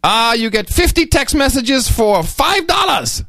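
A man's voice: very high-pitched, very animated, a little slow, bright, forceful tone, no room sound, raised voice, clean studio sound, pitched above the performer's own voice, heavily acted. A man voicing a polite male phone-company agent with an Indian accent, in overly polite, upbeat sales patter. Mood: politely upbeat.

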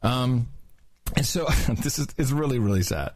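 A man's voice: medium pitch, lively intonation, fairly quick, darkish tone. A man, hosting a podcast, telling a long story in casual chat with lots of restarts. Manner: rambling, with many restarts and quoted asides. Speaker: podcast host.

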